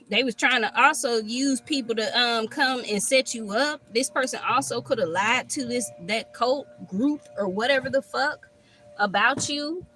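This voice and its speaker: Woman tarot reader, high and bright, profane and animated, live on her phone in a park. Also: unhurried, faint music behind. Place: outdoors at a park.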